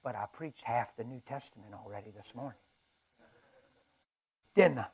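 A man preaching a fervent sermon at a men's breakfast, swinging between shouts and hushed asides and laughing with the crowd. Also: mid-range voice, normal speed. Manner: laughs and chats with the audience.

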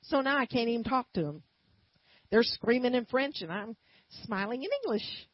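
A woman preaching a sermon and telling a personal story, swinging from quiet asides to loud emphatic bursts. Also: a little high, expressive, normal speed, husky, no room sound, highs cut off.

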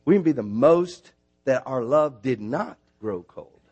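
A man preaching a sermon, animated and building to emphatic near shouts on his points. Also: medium pitch, measured pace, husky, muffled recording. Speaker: missionary preacher. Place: church.

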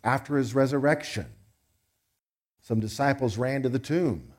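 A man's voice: mid-range voice, measured pace. A man preaching a sermon in a conversational way, acting out quoted voices as he goes.

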